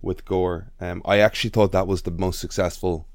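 A man with a very deep voice talks frankly about film craft and picks apart how scenes were shot. His voice is recorded dry and close. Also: flat delivery, moderate pace, no room sound. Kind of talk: casual chat about films.

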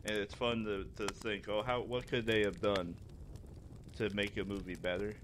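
A man's voice: on the low side, level tone, moderate pace, background noise. A man co-hosting a podcast, rambling with restarts and crude jokes in casual chat. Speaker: podcast co-host.

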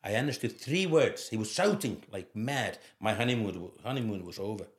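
Low-voiced Finnish man telling stories. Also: normal speed. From Finland. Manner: lively storyteller, laughs through his anecdotes. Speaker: former footballer, guest. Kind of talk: anecdotal interview storytelling. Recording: roomy echo.

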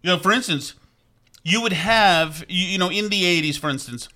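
Speaking at normal speed, this middle-aged man from Vermont wanders through a loose, casual conversation, doubling back with restarts and side comments. His bright, forward voice sits slightly high for a man.

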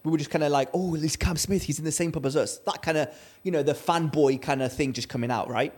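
A man co-hosting a podcast, telling a story in casual chat and acting out the quotes with lively energy. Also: on the high side, fast. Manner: animated storyteller, acts out quotes. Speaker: podcast co-host.

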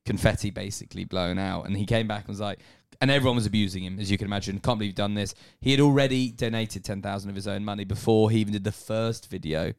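A man's voice: on the low side, fast talker, gravelly, few pauses, smooth. A man co-hosting a casual podcast chat, with dry, teasing humor, speaking into a handheld mic while on his bed at home. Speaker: podcast co-host.

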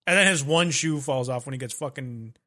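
A man chatting casually about an anime with friends, joking and swearing as he chimes in with quick riffs. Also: medium pitch, bright, forceful tone. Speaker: podcast co-host. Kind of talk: casual profane chat.

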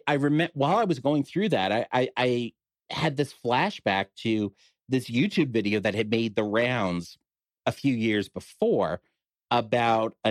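A man's voice: mid-range voice, dry recording, clean studio sound. A middle-aged man with a New York accent, a podcast guest telling a personal story in casual conversation, with wry humor and frequent restarts.

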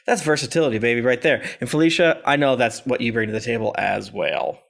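A man co-hosting a podcast in casual chat, relaxed and rambling, swearing casually. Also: medium pitch, quick pace, gravelly. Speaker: podcast co-host.

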